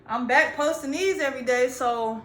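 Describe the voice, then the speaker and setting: Her voice sits high, fairly bright, at a moderate pace, as this young adult content creator delivers a rambling, slang-filled, profane vlog monologue to her phone. She's standing indoors, and the room echoes.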